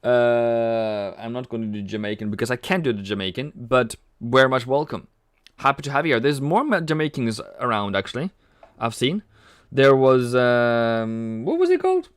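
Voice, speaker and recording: Dude streaming and chatting with viewers, joking around, crisp voice, dry close mic. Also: male voice, mid-range voice, steady tone, normal speed, no echo. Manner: chatty, reads viewer comments aloud and jokes around. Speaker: trading livestream host. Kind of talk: casual live-stream chat.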